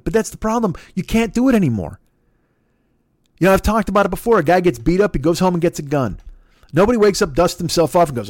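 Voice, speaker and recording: A man's voice: a little high, lively intonation, brisk, a little mellow. Blunt foul-mouthed man in his fifties. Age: 50s. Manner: blunt, heavy swearing, rambling restarts. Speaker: podcast host. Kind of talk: profane casual monologue.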